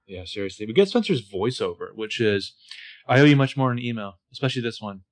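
A man's voice: medium pitch, animated, fast. A man co-hosting a casual podcast, narrating the scenes of a TV episode with dry asides. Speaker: podcast co-host recapping a TV episode. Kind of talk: casual chat.

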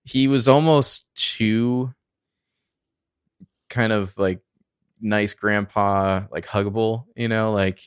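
A man's voice: fairly low pitch, fairly even intonation, takes it slowly, long pauses, smooth, no room sound, clean studio sound. A man co-hosting a podcast, talking through movie picks in hesitant, filler-heavy casual chat. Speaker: podcast co-host.

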